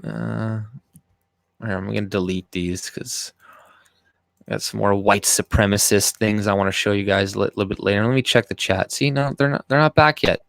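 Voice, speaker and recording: A man's voice: fairly low pitch, steady tone, moderate pace, gravelly, a bit bright, no echo, clean studio sound. A man hosting a casual livestream, rambling and swearing as he reacts to clips and chat. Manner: rambling, profane, with frequent restarts. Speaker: livestream host.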